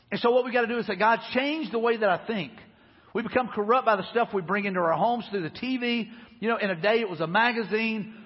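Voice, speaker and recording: A man's voice: sits high, husky. A man preaching a sermon in a church, earnest and repetitive, acting out prayers in his own voice. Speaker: pastor. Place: church sanctuary. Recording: muffled church recording with reverb. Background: long hall reverb.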